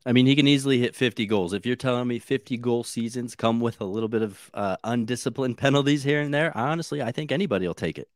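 A man with an American accent co-hosting a sports podcast, giving steady, confident analysis in casual chat. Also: mid-range voice, fast, hardly any pauses, no room sound, studio quality. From United States.

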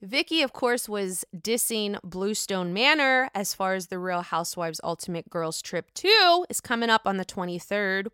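A woman's voice: mid-range voice, moderate pace, clear, resonant tone, dry recording. Sassy young woman spilling reality tv tea, voice bouncing all over, dry close sound. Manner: sassy, profane, expressive. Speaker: reality TV gossip host. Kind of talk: casual gossip commentary.

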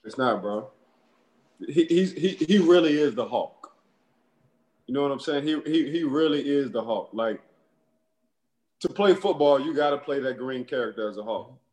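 A man, a former football player, telling animated stories in casual chat and laughing as he goes. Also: medium pitch, moderate pace, pauses often, echoey room.

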